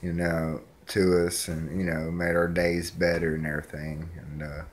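A man's voice: deep voice, little pitch movement, moderate pace, slight background noise. A man speaking in a casual, rambling vlog message, sincere and full of fillers. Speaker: vlogger.

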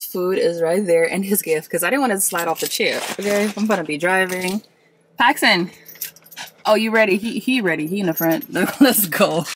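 A woman's voice: lowish voice, normal speed, slight background noise. A young woman vlogging on a handheld phone outside by her car in the cold, talking casually and gushing with emotion. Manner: animated, laughing, gushing with emotion. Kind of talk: casual vlog chat.

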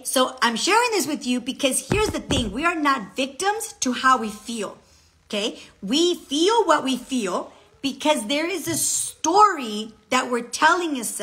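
A woman talking casually to her viewers in a personal vlog, chatty and expressive, often checking in with "okay?". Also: high voice. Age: adult with a child. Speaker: vlogger.

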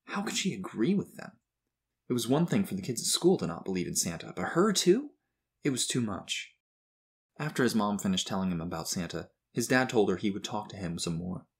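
A man with a low-pitched voice reads a children's story aloud in a measured, expressive way. His tone is husky and somewhat breathy. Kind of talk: storybook narration.

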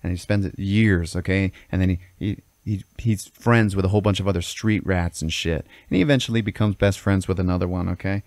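A man with a very low voice tells a story on a podcast in a casual, profane way. He keeps stopping to check in with "okay?" and "all right?". The sound is dry and close. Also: fairly even intonation, brisk, hardly any pauses, darkish tone, dry recording. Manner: swears constantly, checks in with "okay?". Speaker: podcast host telling a story. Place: podcast studio.

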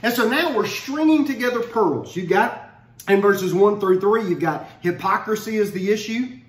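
A man giving a casual Bible study talk, conversational and animated, often restarting his phrases. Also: high-pitched, moderate pace. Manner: conversational, repeats words when restarting, animated. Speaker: Bible teacher. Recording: roomy echo.

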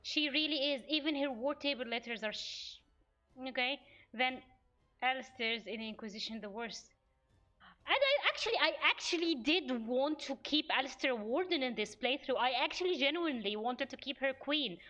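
A woman's voice: sits high, lively intonation, normal speed, bright, forceful tone, highs cut off. A young woman streaming a video game live, venting her exasperation at the characters as she plays. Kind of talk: live gameplay commentary.

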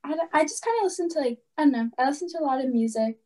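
A teenage girl chatting on a student podcast in a slightly high voice. She giggles often and hedges with lots of fillers as she talks. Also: rapid-fire, darkish tone. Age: teens. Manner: giggly, hesitant, many fillers. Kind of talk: casual chat.

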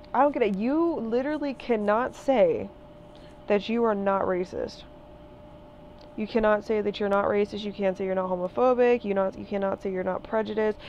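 A woman's voice: medium pitch, darkish tone, lo-fi sound, a little hiss or hum. Heated, profane young woman ranting. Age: 20s. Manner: repeats phrases for emphasis. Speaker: vlogger. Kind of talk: ranting monologue.

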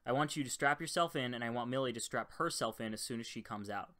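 A man voicing a middle-aged airline captain who speaks in a measured, matter-of-fact way. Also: mid-range voice, pushed and bright, natural voice. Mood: firm.

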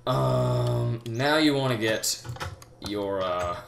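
A young man giving a rambling, halting game tutorial, full of fillers and restarts, talking as if out of breath. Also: mid-range voice, gravelly. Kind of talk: casual gameplay tutorial. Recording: echoey room with loud background noise. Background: keyboard typing and mouse clicks.

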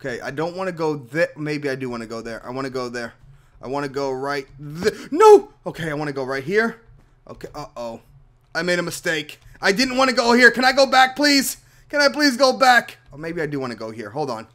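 A man with a high voice hosts a game commentary. He is excitable, yelping and shouting one moment and muttering through puzzles the next. He chats to his viewers as he plays. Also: fairly quick. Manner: excitable, yelps and shouts at falls, then mutters while thinking; talks to viewers as "guys". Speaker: gaming channel host. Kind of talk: Minecraft let's play commentary.

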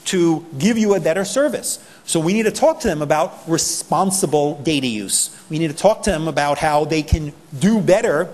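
Animated New York man in a reverberant hall. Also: fairly high pitch, moderate pace, hardly any pauses. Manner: animated, acts out people's reactions. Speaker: privacy advocate speaker. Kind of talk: conference talk.

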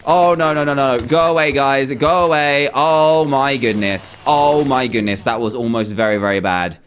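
A young man commentating live on his own gameplay, excitable and quick to exclaim, often repeating himself. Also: medium pitch. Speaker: gaming YouTuber.

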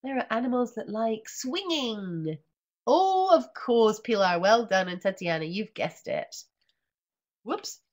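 A woman teacher trainer reading a picture book aloud and explaining it, with animated, sing-song chanting of the refrain, over a computer microphone. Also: mid-range voice, measured pace. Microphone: computer microphone in an online session.

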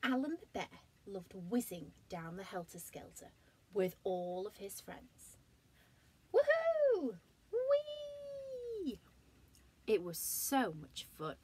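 A woman teacher with a British accent reading a picture book aloud to young children in a slow, gently lively way. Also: lowish voice, husky. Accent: British English. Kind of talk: storybook read-aloud.

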